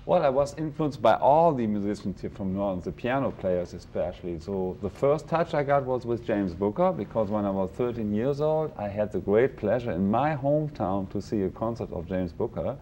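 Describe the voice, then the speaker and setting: A man's voice: on the low side, expressive, normal speed, few pauses, dark tone, dull audio, a little hiss or hum. A man with a German accent, a pianist guest on a morning show, earnestly telling how he got into music. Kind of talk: live TV interview.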